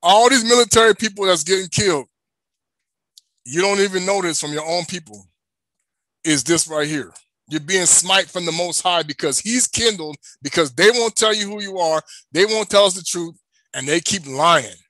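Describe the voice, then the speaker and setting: A man's voice: high-pitched, moderate pace, fairly bright tone, no room sound. A man preaching, emphatic, asking rhetorical questions and answering them himself. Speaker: religious teacher. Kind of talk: preaching to an online audience.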